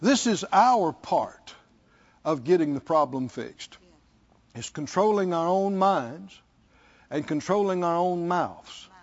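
Male pastor, middle-aged, emphatic sermon delivery, lively pitch, slightly dull recording. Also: takes it slowly. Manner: emphatic, calls out to the congregation.

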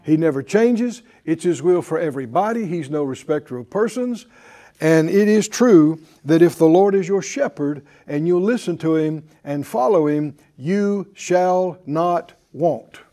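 Male pastor, fairly high mellow voice, emphatic call-and-response sermon in church. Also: lively intonation, moderate pace. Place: church before a live congregation.

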